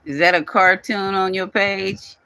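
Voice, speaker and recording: A man rants at a commenter on his own channel. He talks in a repetitive, scolding way. His voice is bright and slightly high, recorded close and dry with no room sound. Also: little pitch movement, unhurried, vocal fry, clean tone, no room sound, low-quality recording. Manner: scolding, repetitive, speaks directly to viewer. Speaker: channel owner addressing a commenter. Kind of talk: casual scolding vlog rant.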